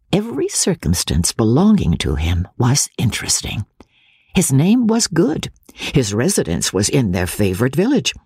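A woman narrating a classic novel in an expressive, measured way, recorded close on a studio mic. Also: very deep voice, breathy edge, dry recording. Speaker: audiobook narrator.

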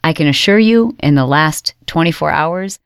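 A woman host telling her own story with dramatic storytelling, reliving her panic with sudden high exclaimed outbursts. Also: expressive, normal speed, clear, resonant tone, no room sound, clean studio sound. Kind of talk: dramatic first-person storytelling.

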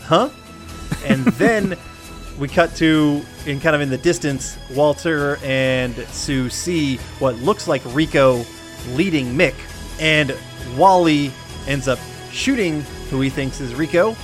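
Animated, laughing male podcast co-host. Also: fairly high pitch, takes it slowly, faint music behind. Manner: animated, laughs often, rambling asides. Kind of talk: casual chat, film recap.

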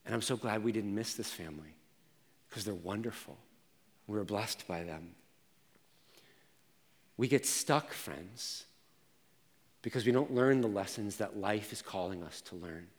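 A man preaching a sermon as pastor, telling personal stories and moving from quiet reflection to intense emphasis. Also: lowish voice, measured pace, long pauses, in a large hall.

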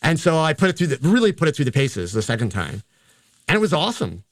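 The older photographer and teacher speaks in a fairly high, sing-song voice at a quick pace, recorded dry. During the interview he tells his stories casually, wandering off course and making light of himself.

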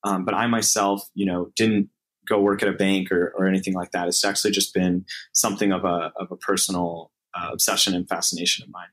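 A man with a fairly low voice answers interview questions in a relaxed, conversational way. He hesitates often, restarting phrases and filling pauses as he thinks aloud. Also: breathy edge, rough recording. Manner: hesitant, many fillers and restarts. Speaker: interview guest, startup co-founder. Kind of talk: casual interview talk.

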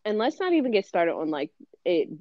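A woman's voice: mid-range voice, big pitch swings, brisk, mellow, no echo. A woman hosting a podcast, talking bluntly and emphatically in casual chat, swearing freely. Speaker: podcast host. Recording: muffled dry podcast audio.

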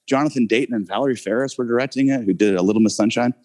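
A man telling a story about his early acting career in a relaxed interview, rambling with many fillers and frequent laughs. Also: mid-range voice, rapid-fire. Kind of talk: casual anecdote in an interview.

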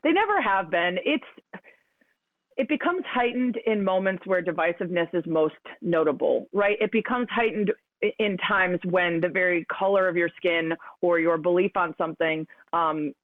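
A woman's voice: fairly low pitch, moderate pace, no room sound. A woman sports radio host talking as a guest in a casual interview, chatty and full of likes. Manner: chatty, frequent likes and laughs. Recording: dry, tinny phone line.

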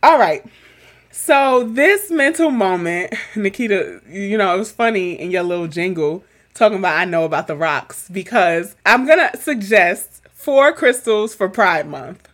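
A young woman and therapist chatting casually as podcast co-host, animated, laughing often and swearing casually. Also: mid-range voice, unhurried.

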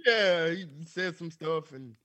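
A laid-back man co-hosting a casual podcast, giggling often and leaning on slangy fillers. His voice sits high for a man and sounds bright. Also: animated, slow, no room sound. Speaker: podcast co-host.

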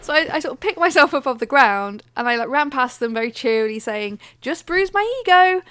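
A woman's voice: fairly high pitch, fast, pushed and bright, smooth. A woman co-hosting a podcast, telling a story in a chatty, self-mocking way with lots of laughter. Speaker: podcast co-host. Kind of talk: casual chat.

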